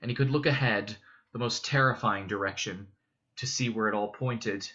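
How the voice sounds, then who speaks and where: A man reading a novel aloud in a measured, steady narration. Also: fairly low pitch, muffled recording. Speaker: reader. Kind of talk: audiobook narration.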